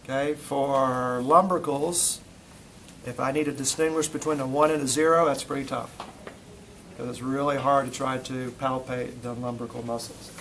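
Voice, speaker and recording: A man's voice: mid-range voice, fairly even intonation, normal speed, a bit bright, a little hiss or hum, poor audio. A male instructor teaching a classroom lesson, quizzing students as he demonstrates muscle testing on a volunteer. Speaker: physical therapy instructor.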